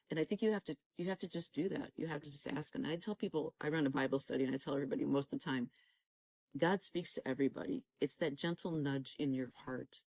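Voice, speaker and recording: A woman's voice: deep voice, darkish tone, dry recording, rough recording. Earnest woman giving a fervent faith testimony. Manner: fervent, exhorting, acts out quoted dialogue. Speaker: guest sharing a faith testimony.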